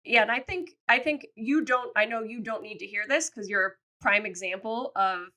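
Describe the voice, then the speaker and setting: A woman's voice: on the high side, normal speed, pushed and bright. A woman co-hosting a podcast, earnestly encouraging her guest in casual chat. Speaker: podcast host.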